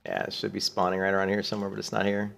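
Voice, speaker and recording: A man's voice: on the low side, completely flat delivery, racing, gravelly, a bit bright, soft background music. A man chatting casually and swearing freely as he plays a game, stopping now and then to answer his chat. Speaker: gaming channel host. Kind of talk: casual gameplay commentary.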